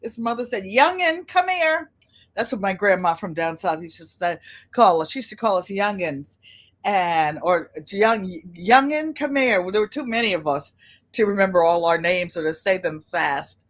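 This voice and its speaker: A woman's voice: on the low side, normal speed. Older woman hosting a livestream, rambling casual chat, welcomes viewers by name. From United States. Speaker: livestream host.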